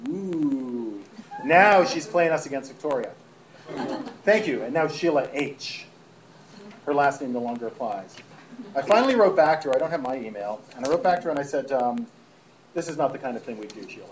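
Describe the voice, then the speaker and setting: A radio host with a medium-pitched, animated male voice reads press releases aloud to a live audience at a moderate pace, sarcastically mocking them and breaking into laughter. It's comedic live show talk, reading emails aloud, captured in lo-fi sound with crowd noise behind him.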